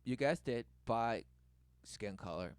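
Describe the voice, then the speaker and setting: A man's voice: mid-range voice, animated, slow, smooth, no room sound. A man giving rambling spoken commentary, free-associating and circling back to the same words. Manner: repetitive, free-associating, says "relentlessly" a lot; mimics others in a raised voice when quoting them.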